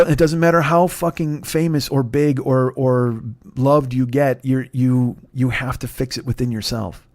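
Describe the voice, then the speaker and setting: A man's voice: medium pitch, a little mellow, dry recording. Man in his fifties, podcast comedy storyteller, swears freely, rambles and restarts, dry close sound. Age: 50s. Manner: profane, rambling, self-mocking, with many restarts. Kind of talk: storytelling monologue.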